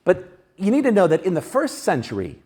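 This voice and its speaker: A man delivers a sermon in a church sanctuary, his high, very lively voice rising and falling at a brisk pace. He keeps things conversational and animated, dropping in little acted-out quotes along the way.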